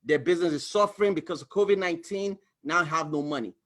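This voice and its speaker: A man with a slightly high, fast voice coaches viewers on personal finance over a shared screen. He speaks animatedly, exclaims, and acts out little scenes between a couple and their bank in this explainer.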